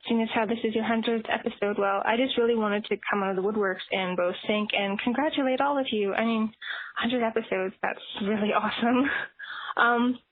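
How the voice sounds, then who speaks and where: A shy woman from Canada leaving a hesitant voicemail message for a podcast, pausing often. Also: fairly high pitch, fairly even intonation, dry recording. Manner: shy, hesitant, many pauses and fillers. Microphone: phone. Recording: tinny, dry phone voicemail.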